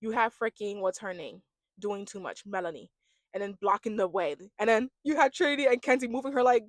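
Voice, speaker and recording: A woman giving a gossipy, animated recap of a reality dating show, imitating the cast as she goes. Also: fairly high pitch, a little fast, no room sound. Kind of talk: casual reaction commentary.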